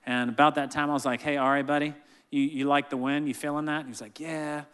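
Bright-voiced man preaching in a reverberant hall. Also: on the high side, fast, clean tone. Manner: animated storytelling, acts out family members' voices. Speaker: pastor. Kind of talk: sermon with family stories.

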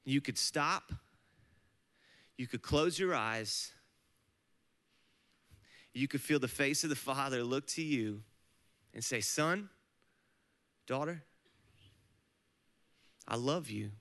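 A man giving a heartfelt testimony at a worship service, speaking slowly and earnestly. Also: mid-range voice, fairly bright tone. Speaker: panel speaker. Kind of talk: sermon-style testimony.

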